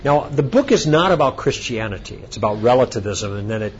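A man giving a conference lecture, telling an anecdote in an animated storytelling way. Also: medium pitch, a little fast, dull audio, a little hiss or hum. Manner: animated storytelling, acting out both sides of a dialogue. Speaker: speaker at a conference.

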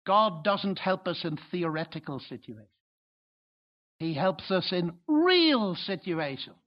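A man preaching a sermon to an audience, emphatic and swelling now and then into loud exclamations. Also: high voice, sing-song, slow pace. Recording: dull lo-fi recording.

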